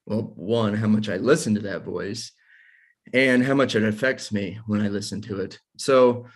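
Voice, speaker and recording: A man in his forties at an ordinary pitch, speaking openly in a relaxed group conversation about faith. He pokes fun at himself and often laughs at his own failings. His tone stays candid and conversational. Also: moderate pace. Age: 40s. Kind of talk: casual faith chat.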